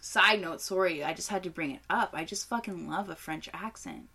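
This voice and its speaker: Young woman w a bright voice, giggly + sweary, casual podcast chat about beer. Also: on the low side, moderate pace, creaky, husky. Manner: giggly, profane, animated. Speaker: podcast co-host.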